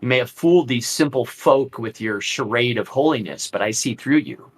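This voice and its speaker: A man's voice: mid-range voice, very animated, normal speed, fairly bright tone, slightly rough, poor audio. A man putting on a scornful vampire lord. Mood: contemptuous. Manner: cold, mocking, theatrical.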